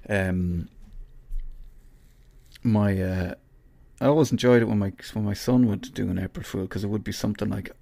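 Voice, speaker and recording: A man's voice: on the low side, normal speed, gravelly, long pauses, warm tone, dry recording. An Irish man hosting a podcast, chatting casually and rambling, mocking himself as he goes. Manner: rambling and self-mocking, with many restarts. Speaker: podcast host. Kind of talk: casual solo chat.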